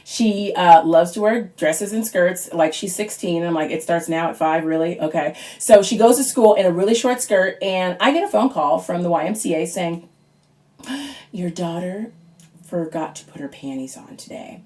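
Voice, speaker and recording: A woman in her thirties doing a stand-up comedy monologue at home, chatty and animated, sometimes squeaking out her kids' lines. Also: moderate pace. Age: 30s. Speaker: stand-up comic auditioning.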